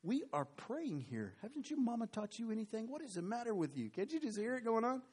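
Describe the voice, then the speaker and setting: A man's voice: very high-pitched, big pitch swings, brisk, a little mellow, slightly rough, pitched above the performer's own voice, full character voice. A preacher playing a group of praying church members who scold a girl for interrupting them. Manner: scolding, incredulous.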